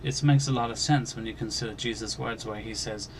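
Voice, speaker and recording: A man's voice: lowish voice, steady tone, a little hiss or hum. Earnest man telling of a dream. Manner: earnest, halting, with many restarts. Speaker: Christian video channel host. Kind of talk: recounting a dream as personal testimony.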